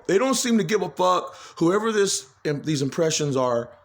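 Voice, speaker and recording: A vlogger with a fairly high voice speaks directly into his phone camera in a rambling personal monologue. He sounds agitated, swears freely, and repeats himself.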